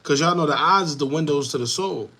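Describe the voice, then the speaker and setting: A man hosting an online commentary show, talking casually to viewers in a repetitive, animated way with laughing asides. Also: on the high side, quick pace. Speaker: show host.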